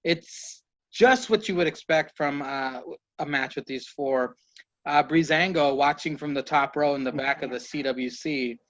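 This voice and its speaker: A man's voice: on the high side, measured pace, a bit bright. Easygoing man on a dull mic. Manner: easygoing, tries and drops accents. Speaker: podcast co-host. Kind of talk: casual wrestling recap.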